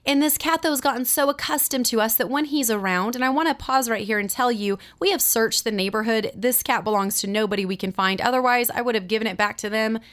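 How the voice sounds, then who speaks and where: A middle-aged woman teaching a Bible lesson, telling a personal story in a lively, confiding way. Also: fairly high pitch, fast talker, few pauses. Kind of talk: sermon storytelling.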